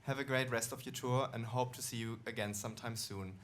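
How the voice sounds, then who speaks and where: A man from the audience, volunteered on stage, reading a text message aloud in a flat, deadpan way with a strong accent. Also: mid-range voice, a little fast. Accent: strong regional accent. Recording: live stand-up room with audible noise.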